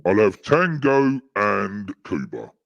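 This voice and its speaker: A man putting on a slow, menacing, extremely deep voice through a voice changer during podcast banter. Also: sing-song, gravelly, no room sound, full character voice. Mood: gruff. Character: booming deep-voiced man, gruff and teasing. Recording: dull, muffled, dry.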